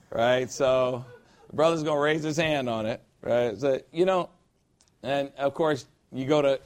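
A middle-aged man preaching a conversational sermon as pastor, informal and emphatic, repeating phrases for effect. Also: mid-range voice.

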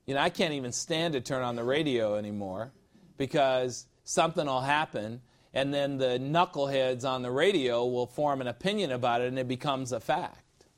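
A man teaching a sermon-style Bible lesson, reading scripture slowly and adding emphatic, jokey asides. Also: medium pitch.

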